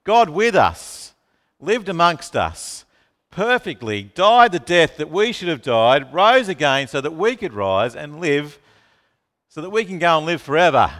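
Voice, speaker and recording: Animated preacher guy, kinda high voice, long hall echo, keeps asking the crowd stuff. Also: a little slow. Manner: animated, asks the room questions, calls on listeners by name. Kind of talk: sermon to a congregation.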